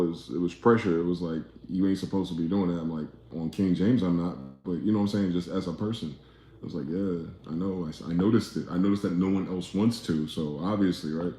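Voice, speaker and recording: A man's voice: sits low, a little fast, warm tone, roomy sound, a little hiss or hum. A man from New Jersey hosting a livestream, rambling, profane and ranting as he reads out chat comments. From East Orange, New Jersey. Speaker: livestream host.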